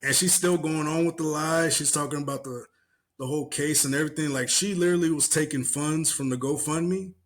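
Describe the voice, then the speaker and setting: A man's voice: fairly high pitch, fairly quick. Casual, slangy man recounting a story. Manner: animated retelling with mimicked voices, cursing, laughing. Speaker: podcast co-host. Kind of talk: casual chat.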